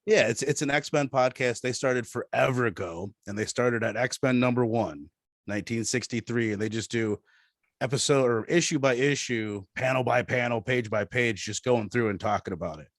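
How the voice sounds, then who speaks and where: A man's voice: medium pitch, moderate pace, no echo, clean studio sound. A man chatting casually as a podcast guest, rambling and often restarting his sentences.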